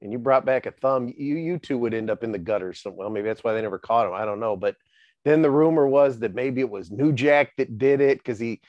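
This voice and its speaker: A man hosting a casual chat, joking and animated as he talks. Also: medium pitch, a little fast, no echo. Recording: dry, dull lo-fi sound.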